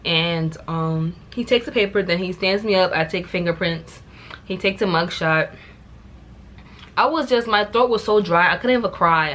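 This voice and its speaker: Animated young New woman telling a story. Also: on the low side. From New York. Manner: animated, exasperated, repeats words for emphasis. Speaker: vlogger. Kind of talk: casual storytime.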